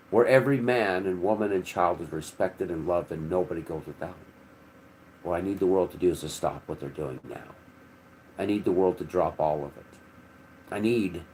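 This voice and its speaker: A deep-voiced man preaches in a loose, rambling way, swearing casually as he goes. He swings from sudden loud bursts down to low, almost muttered stretches. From United States. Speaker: channel host. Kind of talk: impassioned monologue.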